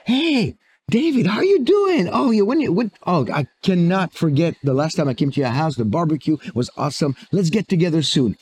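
A man voicing a famous movie star who is an overjoyed, friendly man, speaking in a gushing, high, excited voice in a church. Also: fairly quick, few pauses, breathy edge, no room sound.

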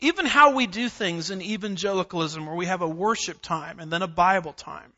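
Bright, high-voiced emphatic male preacher. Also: a little fast, dull audio. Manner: emphatic preaching with repetition and scripture references. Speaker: pastor. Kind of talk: verse-by-verse sermon. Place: church sanctuary.

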